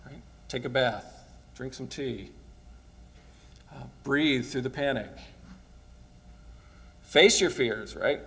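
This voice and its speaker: A man's voice: mid-range voice, takes it slowly, pauses often, pushed and bright. Chatty pastor man preaching. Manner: casual, asks "right?" often, chuckles. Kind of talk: conversational sermon.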